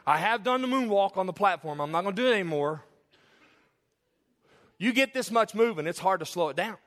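A pastor preaching in church with a high, bright-edged voice. He swings from loud, emphatic declarations down to hushed, close asides. His delivery is lively and conversational. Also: fairly quick. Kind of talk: sermon.

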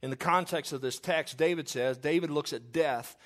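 A man's voice: a little high, normal speed. A man preaching a funeral sermon, reading scripture aloud with earnest emphasis. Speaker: pastor.

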